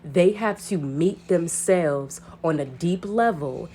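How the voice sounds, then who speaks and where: A woman's voice: lowish voice, slow pace, mellow, slight background noise. A woman reading a spiritual message to her viewers, talking earnestly and repeating rhetorical questions. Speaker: spiritual reader.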